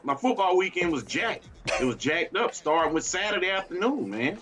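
A man's voice: high-pitched, big pitch swings, normal speed, noisy background. Fired-up man ranting about football. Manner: fiery, exasperated ranting with laughter. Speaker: podcast co-host. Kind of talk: casual sports talk.

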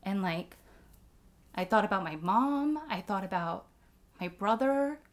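A woman's voice: mid-range voice, expressive, a little slow. Woman just talking it out, lots of likes, swears a bunch, super candid chat. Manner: frank, swears freely, many "like" fillers; emotional personal storytelling. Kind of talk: candid casual conversation.

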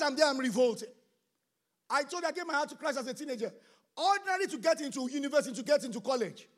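Brief middle-aged male pastor, very high voice, preaches with shouted bursts. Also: animated, fast talker. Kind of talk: sermon.

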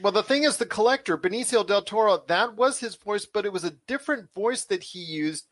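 A man hosting a relaxed pop-culture podcast, his voice sitting a touch higher than most men's. He talks with enthusiasm and rambles a little, often restarting his sentences. The recording is dry and close, with no room sound. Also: brisk, no room sound. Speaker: show host. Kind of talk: casual podcast chat.

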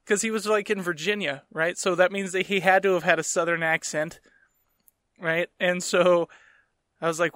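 A man's voice: sits high, fairly even intonation, normal speed, bright, forceful tone, clean tone, no echo, clean studio sound. A young man hosting a podcast in casual chat, rambling, laughing often and swearing freely. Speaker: podcast host.

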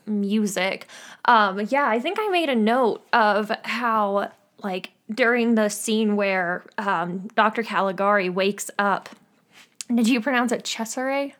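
Slow-talking young woman podcast co-host. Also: mid-range voice, a bit bright. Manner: hesitant, lots of "um", giggles. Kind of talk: casual chat.

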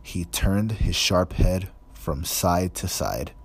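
Slow, deep-voiced male audiobook narrator. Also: breathy edge. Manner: measured, even storytelling. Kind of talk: scripted narration.

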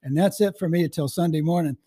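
A worn-out, grumbling pastor who just wants to sit in his armchair, as an older man in his seventies retells it. The voice sits somewhat high but mellow and soft-edged, gruff with exasperation. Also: quick pace, no room sound, clean studio sound. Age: 70s. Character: tired, grumpy male pastor in an anecdote.

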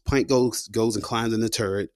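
A man's voice: on the low side, fairly even intonation, moderate pace, no room sound, studio quality. A man, a combat veteran, telling his story in a loose, slangy way, full of "you know" and "man". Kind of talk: casual spoken storytelling.

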